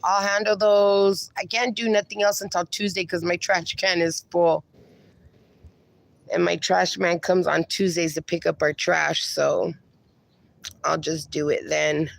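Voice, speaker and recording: A woman livestreaming in a casual, chatty way, talking to her dogs and to her viewers, her voice going hoarse. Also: lowish voice, level tone, unhurried. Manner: chatty, talks to her dogs and reads viewer comments aloud.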